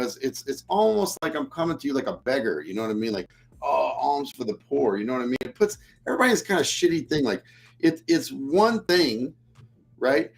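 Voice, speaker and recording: A man hosting a leadership talk show, speaking bluntly and emphatically, swearing freely and acting out whiny apologies in a droopy voice. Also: medium pitch. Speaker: leadership podcast host. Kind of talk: casual coaching talk.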